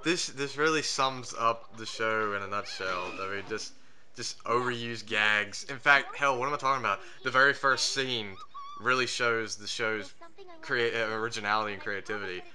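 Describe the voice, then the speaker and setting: A man's voice: fairly low pitch, normal speed, sharp tone. A man co-hosting a cartoon review, sarcastic and mocking, laughing often. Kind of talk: sarcastic commentary chat.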